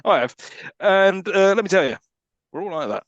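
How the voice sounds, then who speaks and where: A man's voice: sits high, lively intonation, moderate pace, dry recording, highs cut off. A man trading dry, joking asides as co-host of a casual podcast. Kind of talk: casual chat recapping a film.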